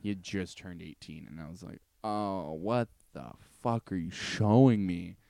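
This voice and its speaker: A man's voice: low-pitched, measured pace, gravelly, mellow, no echo, clean studio sound. A man co-hosting a podcast in casual chat, telling stories with lots of swearing and laughter. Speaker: podcast co-host.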